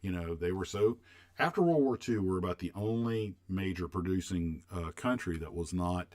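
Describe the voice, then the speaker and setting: Very deep-voiced older man reminiscing. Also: lively intonation, normal speed, a little mellow. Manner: rambling, reminiscing, answers chat questions. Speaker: livestream host. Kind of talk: casual chat with viewers.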